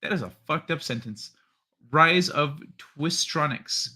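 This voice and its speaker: A man's voice: fairly high pitch, expressive, measured pace, pushed and bright. A man hosting a livestream, chatting casually, swearing and stumbling as he reads news aloud. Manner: swears, stumbles over read text. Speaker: livestream host.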